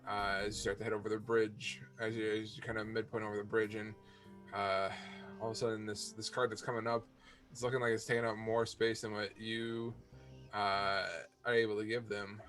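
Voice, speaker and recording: A man narrating a tabletop game as game master, halting with many fillers and restarts. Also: fairly low pitch, little pitch movement, a bit bright, faint music behind.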